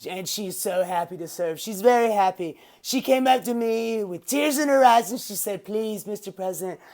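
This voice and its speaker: A woman's voice: medium pitch, moderate pace, darkish tone, lightly acted. A woman parodying a smug, boastful older male president, rambling and self-satisfied. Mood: smug mocking.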